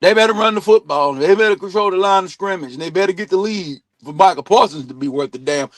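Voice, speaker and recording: A man hosting a sports talk stream, ranting bluntly and swearing a lot, jumping between loud outbursts and low mutters. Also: quick pace, no room sound, faint music behind. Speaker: sports talk show host. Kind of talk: profane sports opinion rant. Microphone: streaming mic.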